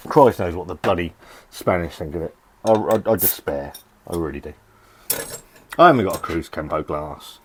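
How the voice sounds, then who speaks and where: A man's voice: low-pitched, normal speed, long pauses, a little hiss or hum. A middle-aged man grumbling and swearing through a rambling, casual beer review in his shed. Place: home shed.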